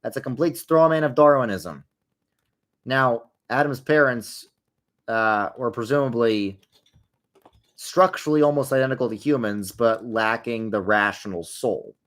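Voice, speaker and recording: A man's voice: mid-range voice, a little slow, fairly bright tone. A young man talks casually into his desk mic while gaming, answering viewers. His chat wanders from point to point, and he drops in dry, sarcastic remarks as he goes. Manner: rambling, chatty, drifting into wry sarcastic asides. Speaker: livestream host answering viewer questions. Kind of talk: casual livestream chat while playing a game.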